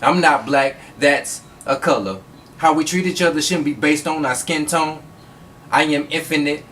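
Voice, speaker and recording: Male poet: steady rhythmic recitation, higher register, faint noise behind. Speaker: spoken word poet. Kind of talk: spoken word performance.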